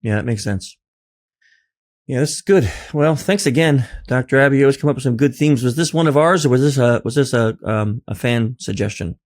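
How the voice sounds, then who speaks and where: A man of middle pitch hosting a conversational podcast. He jokes around, acts out little quotes and laughs often between points. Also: fairly quick. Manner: jokey, animated, laughs often. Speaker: podcast host.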